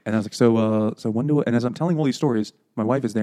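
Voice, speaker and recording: A man's voice: mid-range voice, rapid-fire, dark tone. A man co-hosting a podcast, rambling through a funny story and laughing as he acts out what people said. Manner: rambling anecdote, laughing, acting out quotes. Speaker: podcast co-host. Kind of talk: casual chat, storytelling.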